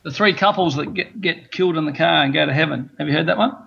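Australian male guest, blunt and joking, gravelly, slightly high, muffled call audio. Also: fast talker, a bit bright, slight background noise. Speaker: podcast guest. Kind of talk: casual chat.

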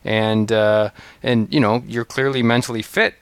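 A man's voice: lowish voice, steady tone, normal speed, smooth, dry recording. A man hosting a podcast, chatting casually in an earnest way, laughing often and restarting words. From Canada. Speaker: podcast host. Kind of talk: casual chat.

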